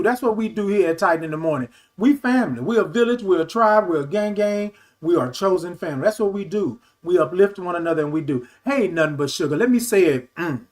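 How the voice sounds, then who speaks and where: High-voiced animated man hosting a livestream. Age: 50s. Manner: animated, affectionate, calls viewers baby and y'all. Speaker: livestream talk show host. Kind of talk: casual livestream chat reading comments.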